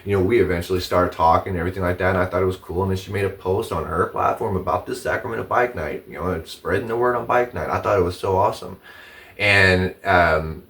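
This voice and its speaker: A man with a fairly low voice rants to camera about a feud, swearing freely and circling back over his points. He sits a little back from the microphone, so the sound is slightly distant. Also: fairly bright tone. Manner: profane, repeats himself, rising indignation. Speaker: vlogger telling his side of a dispute. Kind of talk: casual, heated storytelling to camera.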